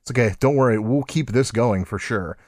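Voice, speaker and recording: A man co-hosting a casual gaming podcast, laughing often and acting out quotes in a lively voice. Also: mid-range voice, brisk, no room sound, studio quality. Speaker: podcast co-host.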